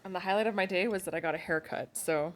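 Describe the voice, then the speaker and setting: A woman's voice: fairly low pitch, quick pace. A woman co-hosting a podcast from home, chatting casually and laughing at herself. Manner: chatty, self-deprecating, laughs often. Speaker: podcast co-host. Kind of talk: casual chat. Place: home at night, kids asleep nearby.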